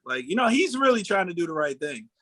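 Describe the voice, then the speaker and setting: A man in his forties telling a long story in casual chat, acting out what people said with animated delivery. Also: sits high, quick pace, dry recording. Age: 40s. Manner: animated storyteller, acts out quotes. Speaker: podcast co-host.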